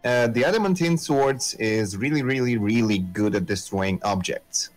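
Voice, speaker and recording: A man's voice: mid-range voice, moderate pace, soft background music, rough recording. A man narrating as game master of a tabletop game, hesitant and full of fillers.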